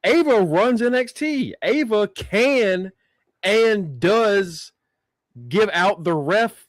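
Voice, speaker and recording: A man's voice: sits high, slow pace, dry recording, clean studio sound. A man co-hosting a casual wrestling podcast, telling the story with laughs and acted-out quotes. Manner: animated storyteller, laughs often, acts out quotes. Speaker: podcast co-host. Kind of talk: casual wrestling recap chat.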